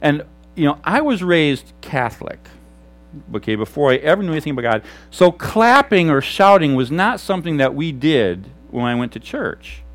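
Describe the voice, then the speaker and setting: A middle-aged man, a pastor, preaching an animated sermon on a lapel mic. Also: fairly high pitch, normal speed, faint music behind. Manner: animated, shouts examples.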